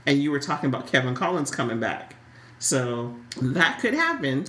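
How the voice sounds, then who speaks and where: A woman co-hosting a casual podcast chat, animated, often repeating words as she starts a thought. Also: extremely low pitch, moderate pace, echoey room. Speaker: podcast co-host. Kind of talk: casual chat about a soap opera.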